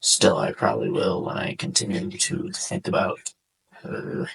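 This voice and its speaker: A young man hosting a casual podcast, speaking in a subdued, halting way with a sore throat, as if on the verge of tears. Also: sits low, little pitch movement, creaky, a bit bright, breathy edge, rough recording. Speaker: podcast host. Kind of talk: casual personal monologue over gameplay.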